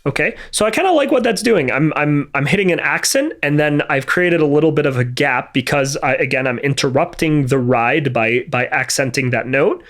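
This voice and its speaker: Man, tutorial instructor, methodical, fillers and restarts, a touch high-pitched. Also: normal speed, few pauses, a bit bright. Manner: methodical, thinks aloud, frequent fillers and restarts. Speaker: music production instructor. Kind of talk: screen-recorded tutorial. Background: drum and music playback between remarks.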